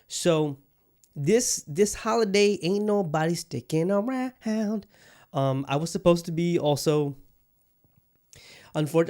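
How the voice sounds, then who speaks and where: A man's voice: medium pitch, darkish tone. Man, solo podcast host, casual monologue, rambling, frequent restarts, jokey, swears. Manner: rambling, restarts sentences often; loose and profane, jokey.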